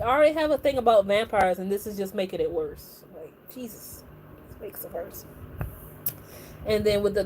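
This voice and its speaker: A woman's voice: mid-range voice, darkish tone, slight background noise, poor audio. A woman hosting a livestream, chatting casually and animatedly with many filler words. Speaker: livestream host. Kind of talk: casual reaction chat.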